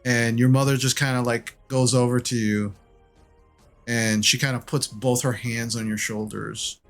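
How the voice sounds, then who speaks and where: A man's voice: medium pitch, a little slow. Male game master, casual narration, fillers, faint background music. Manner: relaxed, filler-heavy narration.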